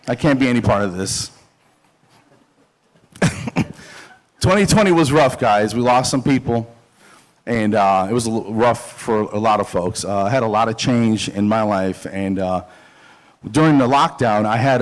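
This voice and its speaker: A middle-aged man, a dental hygienist, doing a loose stand-up comedy set, self-deprecating and halting, with many fillers and chuckles. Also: medium pitch.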